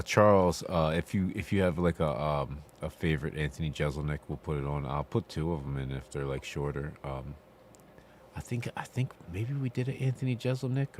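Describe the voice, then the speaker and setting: A male stream host talks loosely and casually to his viewers. His voice is very low, and he rambles between comments. A faint hiss sits under the audio. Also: brisk. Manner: relaxed, rambling with fillers. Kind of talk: casual live-stream chat.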